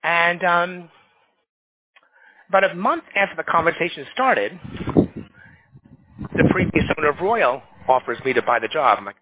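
A middle-aged man from New York, a staffing recruiter and association leader, shares stories in a relaxed podcast conversation, animatedly voicing the people he quotes. His voice is a little high, his pace moderate, and he pauses often. The recording is dry and tinny, phone-like.

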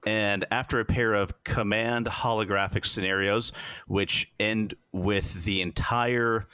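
A man hosting a casual podcast chat, reviewing a show as an animated storyteller who acts out the scenes. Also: on the low side, slow pace, clear, resonant tone, dry recording.

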